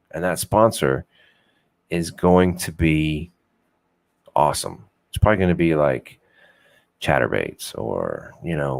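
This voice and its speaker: Casual podcast host, young man with a low voice, loose and rambling, profane, self-mocking humor. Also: vocal fry. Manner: swears freely, rambling, self-deprecating. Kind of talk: casual unfiltered chat.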